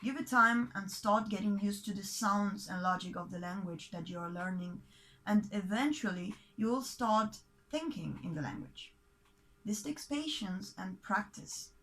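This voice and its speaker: Argentine woman teaching Spanish slowly. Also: medium pitch, fairly bright tone, a little hiss or hum, rough recording. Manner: slow, clear, repeats model words for learners. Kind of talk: scripted language lesson.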